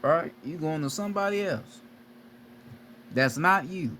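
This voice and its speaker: A man's voice: fairly high pitch, lively intonation, a little slow, pushed and bright, a little hiss or hum. Profane, preachy man lecturing viewers. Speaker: spiritual video creator.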